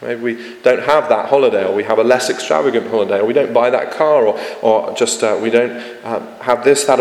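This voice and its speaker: A man's voice: fairly low pitch, roomy sound, long reverb tail, rough recording. A man preaching a sermon as a vicar, earnest and conversational, with frequent fillers and restarts. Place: church.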